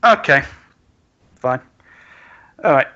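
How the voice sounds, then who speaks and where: A man's voice: mid-range voice, animated, takes it slowly, bright, forceful tone, muffled recording. A man voicing a bitter, sarcastic woman activist fixer in a tabletop game, blunt and grudging.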